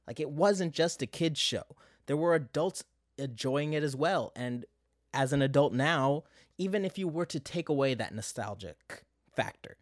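A man's voice: a little high, animated, moderate pace, dry recording. Young male vlogger, casual nostalgic monologue, dry recording. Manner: conversational, many fillers and asides.

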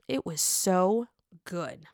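A young woman recapping a reality show in a casual, gossipy, animated way, swearing freely. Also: on the low side, no echo, clean studio sound.

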